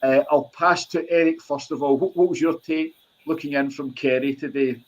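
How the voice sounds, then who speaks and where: A man giving a brisk, eyewitness-style recap as a podcast co-host, with a few restarts. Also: a little high, fairly even intonation, lo-fi sound.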